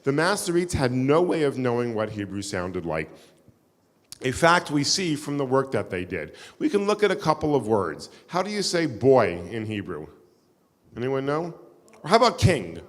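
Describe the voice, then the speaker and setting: A man's voice: medium pitch, sing-song, moderate pace. A man giving a live keynote lecture to an audience, engaging and quizzing the room with wry asides. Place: synagogue hall with live audience. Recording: long hall reverb.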